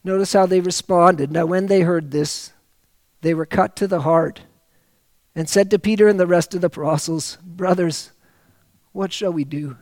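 A man preaching a sermon, reading scripture aloud and rising to loud, slowed emphasis on key phrases. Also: high voice, dry recording.

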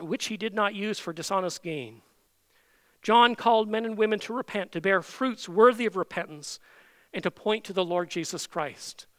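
Male pastor, emphatic sermon delivery, bright forceful tone. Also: high voice, no room sound. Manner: emphatic preaching with rhetorical questions.

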